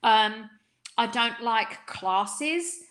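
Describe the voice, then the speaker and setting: A woman's voice: fairly high pitch, expressive, very slow, fairly bright tone. A middle-aged woman from the East End of London with a light London accent, coaching salon owners in a live webinar, chatty, with frequent ums and tag questions like "right?". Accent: London, Cockney undertone.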